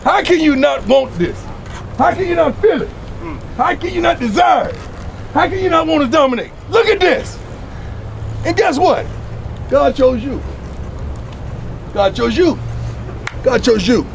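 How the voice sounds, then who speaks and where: A middle-aged coach with a drawl drives his players with emphatic, repeated rallying calls. His voice sits high and carries a rough, gravelly edge. A faint hiss of noise lies under his words. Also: lively intonation, unhurried, long pauses. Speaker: college football head coach. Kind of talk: motivational coaching talk.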